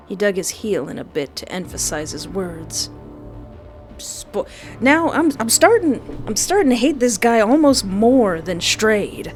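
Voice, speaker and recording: A woman game streamer reading a visual novel aloud, breaking into excitable, yelling reactions. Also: medium pitch, unhurried, soft background music.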